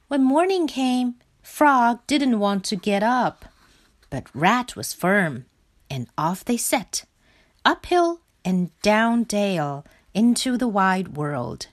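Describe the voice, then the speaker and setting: A woman reading a children's picture book aloud in a slow, clear and expressive way. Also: medium pitch. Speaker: storybook reader.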